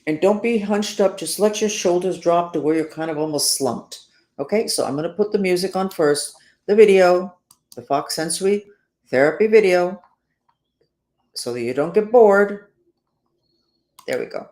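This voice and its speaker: A woman's voice: on the low side, moderate pace, darkish tone, reverberant. A woman hosting a self-help talk, rambling and sarcastic, with emphatic stresses. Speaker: host.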